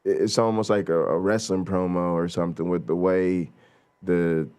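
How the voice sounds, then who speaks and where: A man hosting a casual reaction show, laid-back and quick to laugh, with lots of fillers. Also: low-pitched, clean tone. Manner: relaxed, laughs a lot, drawn-out fillers. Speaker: host.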